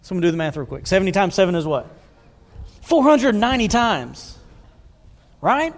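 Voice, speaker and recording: Pastor, male, high-pitched, preaching conversationally with questions to the room, long church-hall echo. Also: very animated, moderate pace. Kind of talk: sermon. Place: church sanctuary.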